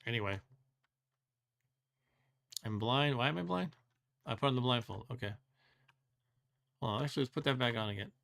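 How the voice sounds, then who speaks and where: A man of middle pitch hosting a let's play, talking through each move as he plays. He muses out loud, second-guesses himself and drops wry complaints with little chuckles. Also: normal speed, gravelly, pauses often. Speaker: host.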